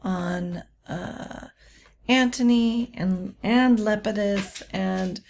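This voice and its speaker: A woman teaching literature in an unscripted lecture, halting often with ums and uhs and slipping in wry, offhand asides. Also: mid-range voice, vocal fry, darkish tone.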